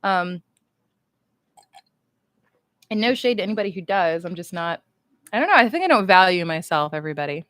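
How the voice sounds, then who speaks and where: A woman's voice: fairly low pitch, expressive, moderate pace, pauses often, a bit bright, dry recording. A woman chatting casually and playfully on a livestream as she signs cards, rambling as she writes. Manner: chatty, rambling, talks while writing; playful and upbeat. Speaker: voice actress signing cards on a livestream.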